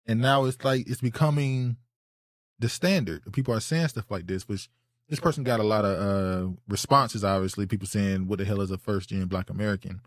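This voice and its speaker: A man from North Carolina with a toned-down Southern accent, co-hosting a casual podcast discussion. He talks in a loose, rambling way and deliberately slows his speech for the mic. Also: lowish voice. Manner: loose, digressive, frequent restarts. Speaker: podcast co-host.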